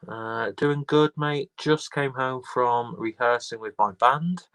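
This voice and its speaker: A man's voice: mid-range voice, slow pace, fairly bright tone, smooth, low-quality recording. A man with an English accent, hosting a casual livestream and reading viewers' comments aloud, rambling and swearing freely. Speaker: livestream host reading chat.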